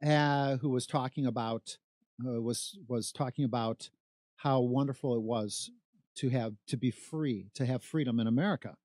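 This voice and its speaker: A man's voice: mid-range voice, moderate pace, a little mellow, no echo, clean studio sound. A middle-aged man from Chicago giving an emphatic political monologue, full of repetition and rhetorical questions. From South Side of Chicago. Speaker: political commentator.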